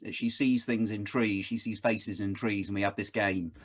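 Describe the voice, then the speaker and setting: A man in his fifties talking casually on a video call, telling lively stories and acting out the voices he quotes. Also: on the low side, normal speed, slightly rough. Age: 50s. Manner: animated storytelling, acts out quoted voices. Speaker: guest speaker.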